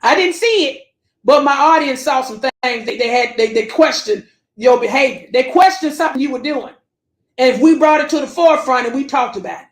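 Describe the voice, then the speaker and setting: Woman host, high pitch, blunt repetitive commentary, roomy sound. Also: animated, brisk. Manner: blunt, preachy, repeats herself, Southern Black vernacular phrasing. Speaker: livestream host reading viewer comments. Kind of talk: casual commentary livestream.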